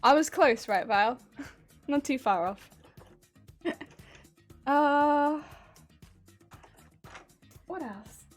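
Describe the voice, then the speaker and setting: A woman's voice: high-pitched, lively intonation, extremely slow, pauses often, soft background music. A woman streamer chatting casually with viewers while she does machine embroidery, laughing often and poking fun at her own grating voice. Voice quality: grating, honking voice.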